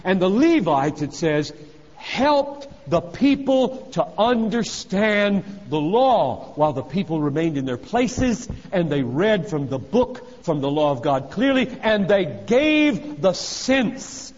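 A man preaching a sermon in a high voice. He presses hard on key phrases, then drops to a low, quiet tone. The recording is dull and carries a long reverb from a large hall. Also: big pitch swings, slow pace. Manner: emphatic, swinging from loud exhortation to hushed low phrases.

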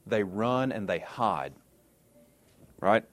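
A man's voice: lowish voice, expressive, takes it slowly. A man teaching a sermon in a conversational way, often checking in with his listeners and adding sarcastic asides. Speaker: Bible teacher.

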